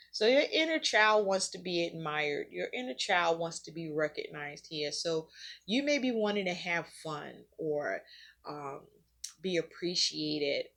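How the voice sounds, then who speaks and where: A woman's voice: on the low side, fairly bright tone. A woman giving a casual tarot reading to her viewers. She talks conversationally, repeats herself often, uses a lot of fillers and swears casually now and then. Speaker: tarot reader.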